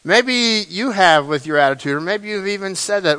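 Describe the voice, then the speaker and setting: A man preaching a sermon as pastor, animated, often repeating his words and acting out the lines of the story. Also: high-pitched, normal speed, few pauses, smooth.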